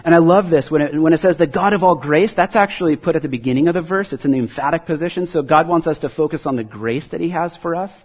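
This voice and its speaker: A man's voice: on the high side, fast, few pauses, husky, lo-fi sound. A man preaching a sermon to his congregation, earnest and conversational, with self-deprecating asides. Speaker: pastor.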